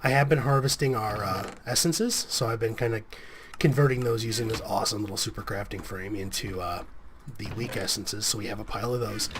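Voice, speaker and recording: A man's voice: lowish voice, fairly quick, noisy background. Sniffly man rambling through gameplay. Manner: rambling, self-correcting, chatty. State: sniffly with a cold coming on. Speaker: let's play host. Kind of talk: casual gameplay commentary.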